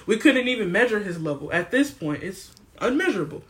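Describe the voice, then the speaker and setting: A young woman guest on a podcast, talking in an emphatic, animated, slangy way. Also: medium pitch, fairly quick. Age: young adult. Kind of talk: casual podcast chat.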